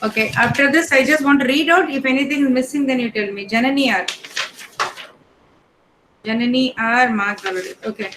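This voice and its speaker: A woman teacher, calling the roll in an online class in a brisk, matter-of-fact way. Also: high-pitched, noisy background. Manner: reads names one by one in a brisk, matter-of-fact way.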